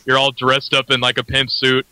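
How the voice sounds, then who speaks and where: A man hosts a radio chat in a bright, forward tone, recorded dry and close. He rambles through his points with lots of fillers and keeps breaking into laughter. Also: medium pitch, monotone, normal speed, no echo, rough recording. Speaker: radio show host. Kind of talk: casual radio interview.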